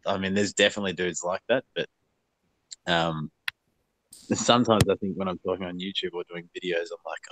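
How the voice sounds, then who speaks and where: A man from Melbourne with an Australian accent, a guest in a casual chat, easygoing and quick to laugh. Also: low-pitched, fairly even intonation, rough recording.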